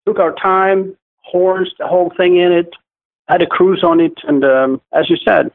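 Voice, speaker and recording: A man speaks over a thin, phone-like line with a slightly high voice. He is a musician chatting in an interview, earnest and a little halting, often restarting on the same word. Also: flat delivery, creaky. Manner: earnest, repeats words when starting sentences. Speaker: musician guest. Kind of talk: casual interview chat.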